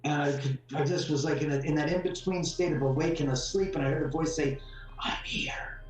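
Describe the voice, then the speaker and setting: Man, rambling, animated storyteller, repeats himself, mild swearing, far from the mic, very echoey room, faint music. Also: a little high, quick pace. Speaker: homeowner guest. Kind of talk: casual storytelling interview.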